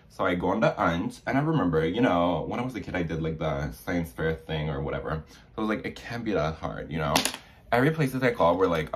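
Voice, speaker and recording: A man's voice: deep voice, lively intonation, fairly quick. A young man vlogging while doing his makeup, chatty and dramatic, acting out the quoted dialogue as he retells a story.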